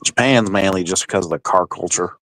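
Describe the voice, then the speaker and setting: Young man from the States, deep, relaxed, a little tipsy. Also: brisk, no echo, poor audio. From United States. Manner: laid-back, chatty, swears casually. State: tipsy from drinking. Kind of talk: casual livestream chat.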